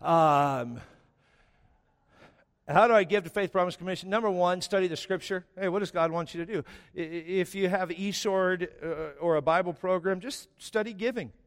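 A man's voice: sits high, moderate pace. A middle-aged male pastor preaching a sermon in a church, telling stories with rising emphasis. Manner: animated storytelling with rising emphasis. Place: church sanctuary. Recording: long church reverb.

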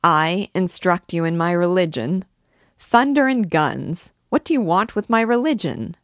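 Casting: female reader voicing a swaggering young soldier, low voice, dry close sound. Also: dry recording. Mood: mocking. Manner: boastful, quick, rising to loud outbursts. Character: brash swaggering young male army captain.

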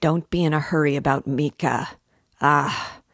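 Woman reader voicing a pushy, excitable man of the law; low-pitched, dry read. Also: dry recording, heavily acted. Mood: excited. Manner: hurried, emphatic, louder than the narration. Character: excitable male police investigator, fussy and insinuating.

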